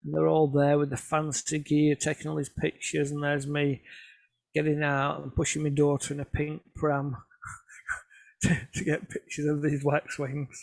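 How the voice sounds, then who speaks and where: A man's voice: on the high side, completely flat delivery, unhurried, vocal fry, no room sound. A man telling chatty, self-mocking photography stories to a club over a video call. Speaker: photographer giving a club talk. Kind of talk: casual anecdotal presentation.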